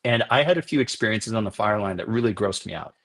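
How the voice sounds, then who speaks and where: Man, low voice, husky, long explanations, podcast guest. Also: fast. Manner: explains at length, animated storytelling. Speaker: documentary filmmaker guest. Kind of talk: podcast interview.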